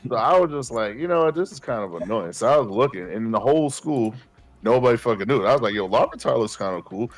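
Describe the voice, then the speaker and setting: A man, co-hosting a podcast and telling animated, profane stories, acting out his past self. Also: mid-range voice, fast. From Queens, New York. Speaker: podcast co-host. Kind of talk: casual chat.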